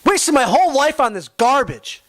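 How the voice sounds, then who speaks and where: A man's voice: extremely high pitch, sing-song, a little fast, fairly bright tone, no room sound. A young man hosting a sports podcast, ranting with swearing and frustration about his team. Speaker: podcast host.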